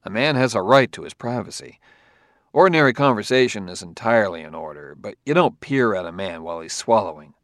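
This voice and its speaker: Man playing wry uneasy detective, gravelly, dry close sound, audiobook reading. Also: fairly low pitch, animated, fairly quick, no room sound.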